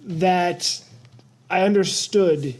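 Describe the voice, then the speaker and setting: A man's voice: sits high, drawn-out words. A man co-hosting a podcast, chatting playfully about a movie. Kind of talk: casual movie discussion.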